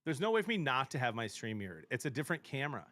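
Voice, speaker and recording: A man hosts a casual sports show over a live stream and talks eagerly and slangily about bets and games. His voice sits at a middle pitch and sounds dry and close, with almost no room sound. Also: racing, dry recording. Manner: chatty, excitable, slangy banter about bets.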